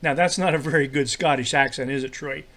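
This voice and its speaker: A man teaching a children's devotional lesson in a friendly, halting way, full of fillers and repeated words. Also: medium pitch, fairly bright tone.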